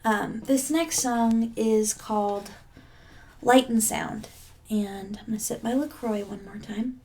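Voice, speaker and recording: A woman's voice: a little high, takes it slowly, a little mellow. A woman singer-songwriter talking casually between songs at a home-streamed virtual concert, chatty and joking, trailing off with ums.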